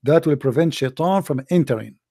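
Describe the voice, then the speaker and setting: A man's voice: fairly high pitch, animated, brisk, dark tone, no echo. A man with a slightly raised voice argues in a religious debate call. He mocks and pushes his questions sarcastically. His voice is recorded close and dry. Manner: sarcastic, mocking, pressing questions. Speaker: host of a debate call-in show.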